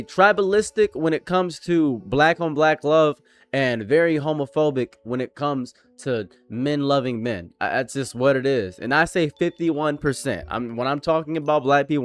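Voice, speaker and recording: A young man giving a frank commentary monologue to his viewers, often repeating points for emphasis. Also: fairly high pitch. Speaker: commentary YouTuber.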